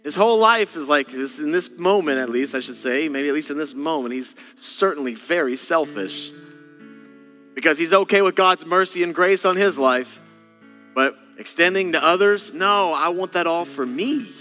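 Man, senior pastor, sermon, dramatic delivery, bright tone, long hall echo, faint guitar underneath. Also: a little high, lively intonation, moderate pace. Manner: dramatic, acts out voices in bursts. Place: church auditorium. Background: soft guitar.

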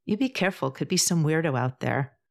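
A woman reading aloud and voicing a blunt, joking, beer-loving woman friend in a storybook podcast, with a low voice. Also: expressive, fairly quick, gravelly. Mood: teasing.

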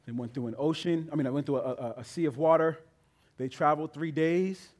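Man preaching a sermon, emphatic, slightly high-pitched, swells to loud climaxes. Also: brisk. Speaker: pastor.

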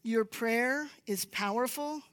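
Woman preacher, slow deliberate storytelling delivery, occasional whispered emphasis. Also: fairly high pitch, fairly bright tone. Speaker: church speaker. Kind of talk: sermon-style teaching. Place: church sanctuary.

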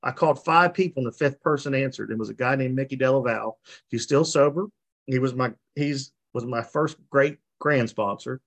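A man's voice: medium pitch, normal speed, fairly bright tone. A man giving a personal recovery testimony on a video call, telling his story in a folksy way and acting out the people he quotes. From West Virginia. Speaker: recovery meeting speaker.

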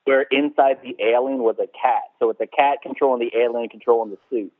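A man chatting casually about a movie, animated and swearing, acting out scenes in silly voices. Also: medium pitch, fast talker, a crowd in the background. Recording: tinny phone-like sound.

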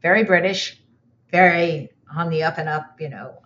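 A woman's voice: low voice, normal speed, lo-fi sound. An older woman, a former recording engineer and re-recording mixer, tells studio stories in a casual interview and acts out the quotes. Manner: animated, acts out quotes in others' voices.

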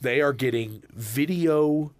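A middle-aged man rambles through a casual story, leaning on ums and you-knows as he goes. His voice sits at a medium pitch. The recording is dry and close, with no room sound. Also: slow, dry recording. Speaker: manager and podcast co-host.

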